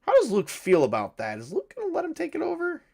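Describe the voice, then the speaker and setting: A man running and narrating a solo tabletop horror game. He thinks aloud as he plays, pausing often with fillers. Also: very high-pitched, wildly swooping pitch, vocal fry, darkish tone. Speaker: game master and solo player.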